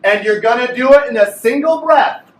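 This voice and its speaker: A man with a very high voice leads a group clarinet lesson in a playful, coaching way. He is recorded from a distance in an echoey room with a little background noise. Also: normal speed. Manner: playful, coaching a class aloud. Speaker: music teacher.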